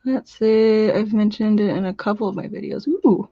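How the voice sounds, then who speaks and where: A woman hosting a casual crafting livestream, chatting in a bubbly way with quick gushing asides while she demonstrates. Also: medium pitch, no room sound, muffled recording. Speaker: crafting channel host. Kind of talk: casual live-stream chat with demos.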